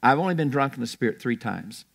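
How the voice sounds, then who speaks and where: A man's voice: medium pitch, expressive, fast talker, vocal fry. An older man preaching a sermon in a church, telling stories in a rambling way with restarts.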